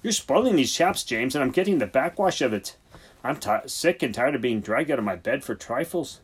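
A man voicing an exasperated senior country vet in an audiobook, in a brusque, preachy, theatrical manner with a husky voice. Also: mid-range voice, lively intonation, normal speed, pitched above the performer's own voice. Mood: grumbling. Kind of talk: audiobook character voice.

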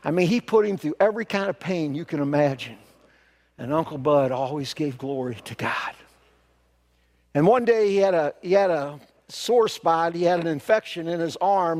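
Gravelly high-voiced male pastor. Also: lively intonation, normal speed, darkish tone. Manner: folksy, earnest storyteller. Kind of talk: sermon storytelling.

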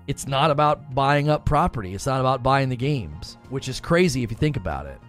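A man hosting a casual live stream, rambling through quick asides and reading out chat. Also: medium pitch, animated, faint music behind. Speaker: livestream host.

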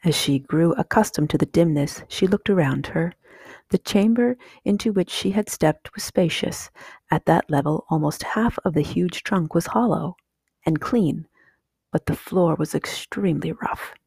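Hushed, husky woman reading a story. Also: fairly low pitch, no echo. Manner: slow and hushed. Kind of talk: soft whispered storybook reading.

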